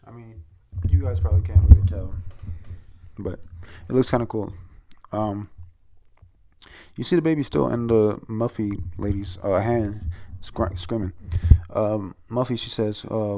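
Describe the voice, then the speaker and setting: A man's voice: on the low side, unhurried, mellow. A man casually recapping a manga chapter, rambling, swearing and stumbling over names.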